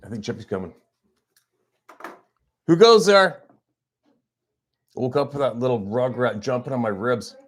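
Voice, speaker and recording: A man's voice: medium pitch, fast talker, hardly any pauses, a little mellow, slightly rough. A man hosting a hunting channel, chatting casually on a livestream from a farmhouse, playful and teasing. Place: small farmhouse at Christmas.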